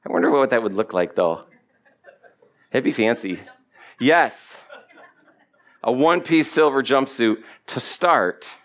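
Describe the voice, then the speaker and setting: A man's voice: mid-range voice, lively intonation, takes it slowly, pauses often. A man preaching a sermon, emphatic and repetitive, stretching out key words for stress. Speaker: pastor.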